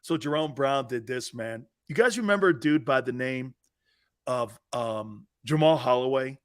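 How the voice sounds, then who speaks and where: A middle-aged man hosting a sports talk show, telling loud, rowdy football stories full of laughter and swearing. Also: medium pitch, expressive, moderate pace, no echo, studio quality. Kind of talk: animated sports talk storytelling.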